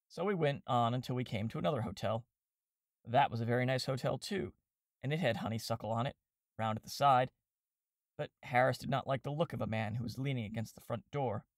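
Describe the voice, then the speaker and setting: A man narrating a classic comic novel in a steady, wry storytelling manner, voicing the characters as he goes. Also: medium pitch, dry recording, studio quality. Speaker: audiobook reader and podcast host.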